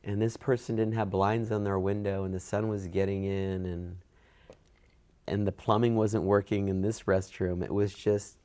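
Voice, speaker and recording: A middle-aged man with a fairly low voice tells a workplace story in an oral history interview. He talks with lively ups and downs and acts out the dialogue in a raised voice. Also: moderate pace. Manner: animated, acts out quoted dialogue with raised pitch. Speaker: interviewee, events program manager.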